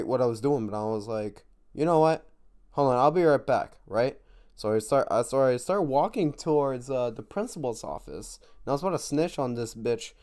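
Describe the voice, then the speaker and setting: A man's voice: medium pitch, darkish tone, smooth. A man telling a casual storytime, rambling with constant fillers and swearing. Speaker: vlogger.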